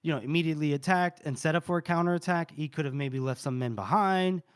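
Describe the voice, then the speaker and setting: A man's voice: fairly high pitch, quick pace, clear, resonant tone, dry recording. Man, casual podcast co-host, retelling scenes, chatty fillers, dry close sound. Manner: recaps dialogue loosely, many fillers like "you know".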